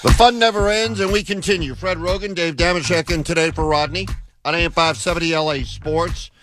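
A man's voice: fairly high pitch, fairly even intonation, fairly quick, music in the background. A man hosting a sports radio show, prompting his co-host with eager questions. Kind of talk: radio banter. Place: radio studio. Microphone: studio microphone.

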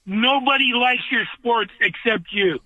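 A man calling in to a sports radio show, ranting in an animated, emphatic way. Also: extremely high pitch, a little slow, no room sound. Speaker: caller. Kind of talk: ranting call-in chat. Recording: dry, tinny phone line.

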